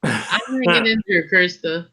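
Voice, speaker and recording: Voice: mid-range voice, lively intonation, fairly quick, pushed and bright. A host chatting casually and playfully, reading out viewer comments. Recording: dull lo-fi sound.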